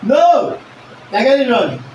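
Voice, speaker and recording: A male teacher, giving an animated lesson and constantly checking that the class understands. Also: very high-pitched, moderate pace, muffled recording, a little hiss or hum. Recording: echoey room recorded from a distance.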